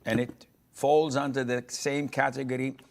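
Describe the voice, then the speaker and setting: A man giving a religious lecture, speaking haltingly in a clip that is played back. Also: mid-range voice, little pitch movement, creaky. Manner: slow, halting delivery.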